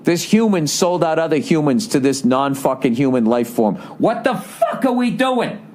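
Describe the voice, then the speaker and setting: A man's voice: on the high side, normal speed, a little hiss or hum. A man in his forties with a Boston accent, hosting a podcast in a rambling, profane, sarcastic comedic monologue, reading out listener emails with running commentary. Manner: profane, sarcastic, animated ranting. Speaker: podcast host.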